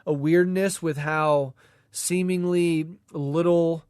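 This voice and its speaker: A man's voice: a little high, steady tone, slow, darkish tone, smooth, no room sound, studio quality. A man co-hosting a podcast in a casual political discussion, congested from a cold, talking in a loose, rambling way with many fillers. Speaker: podcast co-host.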